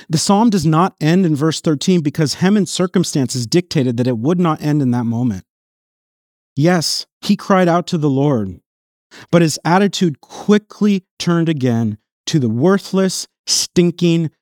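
A man preaching a sermon as pastor, reading scripture aloud in an earnest voice that swells on emphatic lines and drops low and quiet on solemn ones. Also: animated, a little slow, no echo, clean studio sound. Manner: reads scripture passages aloud within the sermon.

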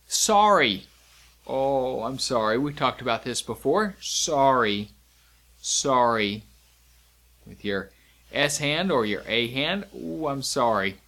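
A man teaching a sign language lesson, repeating each word slowly and clearly with expressive emphasis. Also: on the high side. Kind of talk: slow, deliberate instructional lesson.

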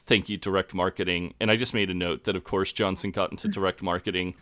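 Low-voiced man recapping casually. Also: level tone, fast, fairly bright tone, dry recording. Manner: recounts scenes, quoting lines dryly. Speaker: podcast co-host.

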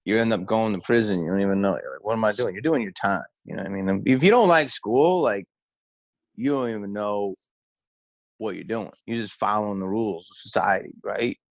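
Low-voiced man telling stories, rambling. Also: a little fast, no room sound, low-quality recording. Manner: loose, rambling storyteller who acts out quotes. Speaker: comedian guest. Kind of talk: casual interview talk.

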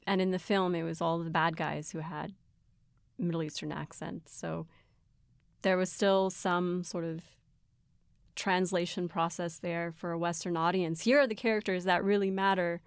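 A woman taking part as a guest in a casual discussion, making her points in a measured, analytical way. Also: lowish voice, steady tone, creaky, clear, resonant tone, no echo, clean studio sound.

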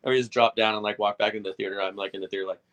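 Thirties male guest, low-pitched, animated profane storyteller. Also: very fast, slight background noise. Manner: swearing, animated retelling with acted-out quotes. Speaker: guest telling stories. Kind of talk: casual storytelling.

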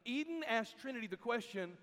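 A man preaching a sermon to a crowd in a large hall, telling stories in an animated way and acting out the people he quotes. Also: very high voice, brisk. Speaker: camp speaker. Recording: long hall reverb.

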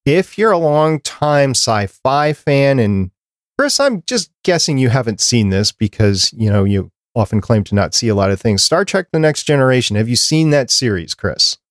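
A man's voice: mid-range voice, sing-song, normal speed, dry recording, studio quality. Chatty man running down a list. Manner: runs through a prepared list, chatty and conversational. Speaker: podcast host. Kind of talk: casual podcast chat.

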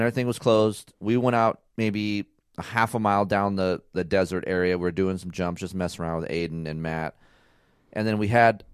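A man in his thirties with a fairly low, smooth voice co-hosts a couple's talk show, recorded in studio quality with no room sound. In this casual chat he tells a story animatedly and swears freely.

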